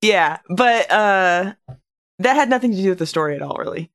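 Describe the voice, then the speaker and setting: A podcast co-host of unclear sex in casual chat, speaking at a middle pitch. The talk is halting, full of fillers and restarted phrases. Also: lively intonation, fairly bright tone.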